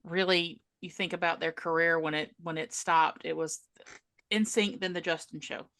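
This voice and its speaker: A woman's voice: on the low side, steady tone, moderate pace, a bit bright, dry recording. A woman co-hosting a podcast, chatting casually and talking her points through thoughtfully. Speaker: podcast co-host. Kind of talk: casual chat.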